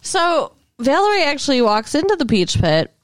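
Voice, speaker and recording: Woman, podcast co-host, animated and laughing, dry booth sound. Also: high-pitched, moderate pace, dry recording. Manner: laughs often, swears casually. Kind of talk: casual chat recapping a TV episode.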